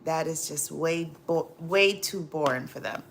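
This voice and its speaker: A woman hosting a casual livestream, laughing often and chatting with viewers in drawn-out, repetitive phrasing full of fillers. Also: low voice, vocal fry, a little hiss or hum. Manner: laughs often, reads and answers viewer comments. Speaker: livestream host.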